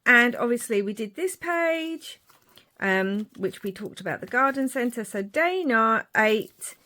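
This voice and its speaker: A woman's voice: a little high, lively intonation, measured pace. A woman, chatting casually as she shows her crafting journal pages. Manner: chatty, rambling, warm asides. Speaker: crafting vlogger. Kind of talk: casual show-and-tell narration.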